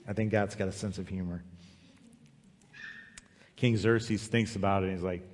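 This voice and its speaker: Man preaching with lively storytelling. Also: deep voice, takes it slowly, long pauses. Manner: lively, acts out the story characters' lines. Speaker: pastor. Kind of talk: sermon storytelling. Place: church sanctuary. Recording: long hall reverb.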